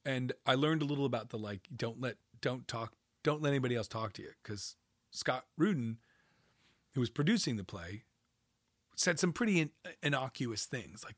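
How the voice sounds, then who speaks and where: Rambling guest, male, husky voice, dry close-mic sound, swears and says "like" a lot. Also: medium pitch, fairly quick, no echo. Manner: rambling, animated, swearing, frequent "like" fillers. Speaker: guest, composer. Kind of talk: casual storytelling conversation.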